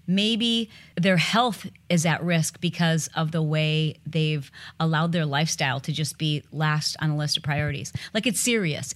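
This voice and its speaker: A woman hosting a podcast, chatting casually with her husband and giving earnest advice on relationships. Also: on the low side. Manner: animated, acts out both sides of stories. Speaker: podcast host.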